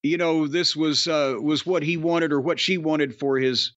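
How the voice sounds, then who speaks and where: Middle-aged male podcast host with a higher voice, grumbling and cursing his way through chat, recorded muffled and dry. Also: steady tone, measured pace, fairly bright tone, no echo. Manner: blustery, profane, grumbling rants.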